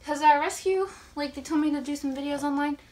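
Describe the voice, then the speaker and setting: Woman vlogger with a high voice, a bit breathless, casual chat with baby-talk asides. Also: fairly quick, warm tone. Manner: chatty, coos to kittens in a sing-song voice. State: slightly out of breath. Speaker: kitten foster volunteer. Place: at home with kittens.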